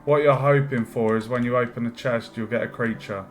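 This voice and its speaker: A man streaming his game development work, thinking aloud with many pauses and fillers, and chatting with viewers. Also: medium pitch, steady tone. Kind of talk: casual live-stream commentary while working. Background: faint music and keyboard typing.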